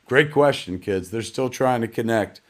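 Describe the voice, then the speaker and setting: A man hosts an online premiere as a loose live-stream chat. He rambles and runs himself down, with slang all through, and keeps calling his audience kids and man. His voice sits at a medium pitch. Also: normal speed. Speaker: red carpet host. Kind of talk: casual live-stream hosting.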